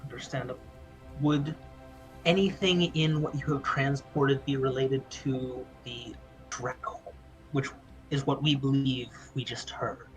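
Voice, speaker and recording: A man playing his character in a tabletop game, formal and halting. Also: mid-range voice, steady tone, dull audio, faint music behind. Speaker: player.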